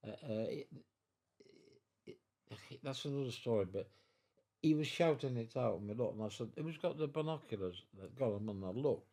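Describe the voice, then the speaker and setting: A man in his nineties telling his wartime story at home, halting and repeating words, acting out the voices of others. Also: mid-range voice, mellow. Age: 90s. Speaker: veteran guest. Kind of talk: storytelling in an interview. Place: living room at home.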